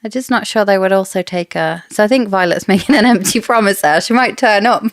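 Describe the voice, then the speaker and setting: Woman, book podcast co-host, chatty theorizing, creaky voice, dry close sound. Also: medium pitch, fairly quick, no room sound. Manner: theorizing, chatty, laughs often. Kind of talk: casual book discussion.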